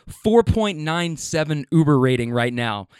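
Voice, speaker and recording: Young male podcast host, a bit high and very clear, dry close mic, chatty storyteller who laughs a lot. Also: expressive, unhurried, a little mellow, no room sound. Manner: chatty, laughs often, acts out quotes. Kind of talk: casual solo podcast storytelling.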